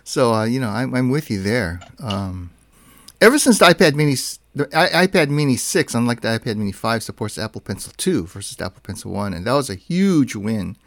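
A man chats casually about gadgets as a podcast co-host, his voice gravelly and his pitch bouncing around a lot. He rambles and restarts his sentences with plenty of fillers. The sound is dry and close. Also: sing-song, a little fast, no room sound. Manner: chatty, rambling, self-correcting with many fillers. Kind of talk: casual tech chat.

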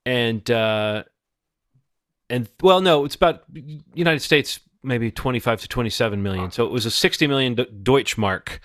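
In a casual podcast chat about a film, this co-host, a man in his forties, speaks at normal speed in a mid-range, fairly bright voice. He's reflective and hesitant, frequently starting over, and the clean studio audio carries no room sound.

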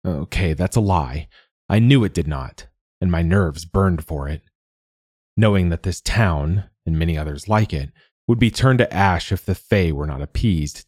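A man narrating a first-person fantasy story in a measured, wry manner. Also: deep voice, a little mellow, slightly rough, no room sound, studio quality.

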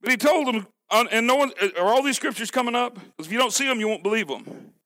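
A man preaching a sermon, emphatic and full of rhetorical questions, sometimes sinking low and quiet to drive a point home. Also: fast.

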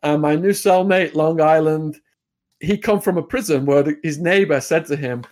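A man's voice: fairly high pitch, a little mellow. An English man, a guest in an interview, telling a story in a vivid, conversational way. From England. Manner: vivid retelling, brisk and conversational.

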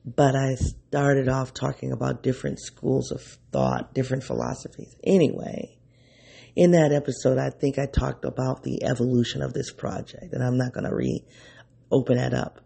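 A man's voice: medium pitch, lively intonation, normal speed, vocal fry, dark tone, slightly rough. A man hosting an unscripted solo podcast in his early-morning voice, rambling and correcting himself as he thinks aloud. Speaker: podcast host.

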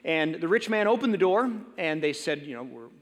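A pastor preaching in a relaxed, conversational way, with plenty of fillers and restarts as he tells a story. His voice is fairly high for a man. A long reverb from a large church hall hangs behind every phrase. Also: a little fast. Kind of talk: sermon with storytelling.

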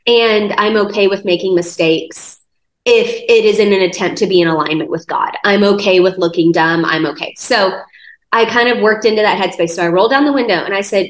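A woman, a guest on a faith podcast, telling a personal testimony in a lively conversational way, with many "like" fillers. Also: medium pitch, fairly quick. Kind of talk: conversational storytelling. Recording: roomy echo.

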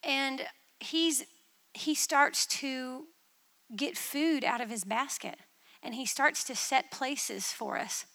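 A woman preaching a testimony in a church, telling a vision with animated, dramatic storytelling. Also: high-pitched, takes it slowly, in a large hall.

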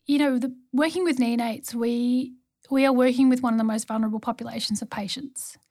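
A woman with a fairly high voice, a neonatal nurse practitioner, speaks as an interview guest. She tells her stories earnestly, in a dry and close recording. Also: steady tone, fairly quick, no room sound. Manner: warm storytelling, earnest. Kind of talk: conversational interview.

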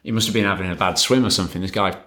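A man from the United Kingdom, a swim coach, chatting casually in an interview and telling stories in a rambling, animated way. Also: sits low, racing.

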